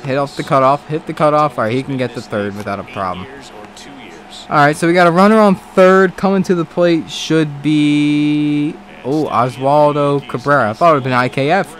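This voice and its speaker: A man giving casual let's-play commentary on a baseball video game, excitable, swearing and talking back to the game. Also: on the high side, moderate pace, a little hiss or hum. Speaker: gaming commentator.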